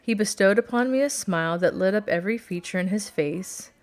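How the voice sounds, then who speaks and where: A woman reading a novel aloud as scripted narration, in a measured, steady storytelling manner. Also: mid-range voice. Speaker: audiobook reader.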